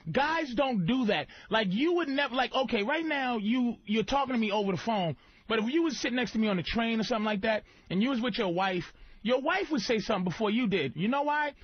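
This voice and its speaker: A man's voice: extremely high pitch, lively intonation, brisk, slightly rough, muffled recording. A man hosting a radio show, ranting with profanity and heavy emphasis. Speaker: radio host. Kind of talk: comedic radio rant.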